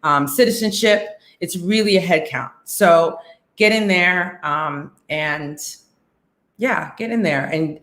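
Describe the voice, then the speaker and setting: A woman hosting a casual online talk show, chatty and lively, with many fillers and laughs. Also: lowish voice, slow pace, echoey room. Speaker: host.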